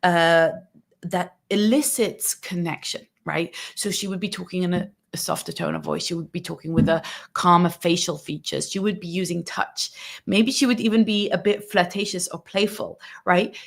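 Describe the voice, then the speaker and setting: A woman's voice: medium pitch, moderate pace, vocal fry. A woman relationship coach talking earnestly to her viewers, often checking in with "right?" and acting out sample lines a partner could say. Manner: earnest, coaxing, acts out sample dialogue, tag questions like "right?". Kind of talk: coaching monologue breaking down a film scene.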